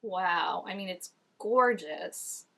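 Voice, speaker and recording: Speaking slowly in a lowish voice with vocal fry and a slight brightness, this woman hosts a reaction video. Her commentary on the scenes is chatty and packed with "like."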